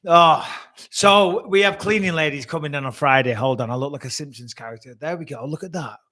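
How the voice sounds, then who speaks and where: A man's voice: a little high, fairly quick, pushed and bright. Chatty English man on a home livestream. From England. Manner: chatty, swears freely, reads out viewer comments. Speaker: host. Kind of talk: casual livestream Q&A. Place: room at home, a bit echoey. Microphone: webcam livestream.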